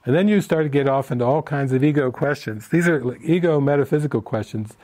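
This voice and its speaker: A man's voice: medium pitch, fast, darkish tone. A man leading a spiritual retreat session in an informal way, answering participants' questions and telling stories in which he acts out the people he quotes.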